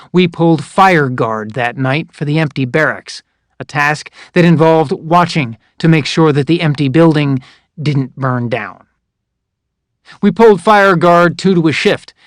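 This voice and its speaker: A man narrates a first-person memoir audiobook with a measured, wry, matter-of-fact delivery. His voice sits a little higher than most men's and is recorded close on a dry studio mic. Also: no room sound.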